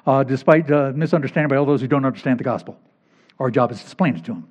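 A man's voice: medium pitch, expressive, fast talker, a little mellow, husky. A male pastor preaching a sermon, emphatic and repeating key phrases to drive points home. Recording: dull lo-fi recording.

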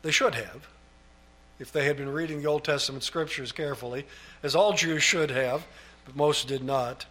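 A man preaching a sermon, reading scripture aloud and lifting his voice on key phrases, then dropping low on asides. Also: bright, forceful tone.

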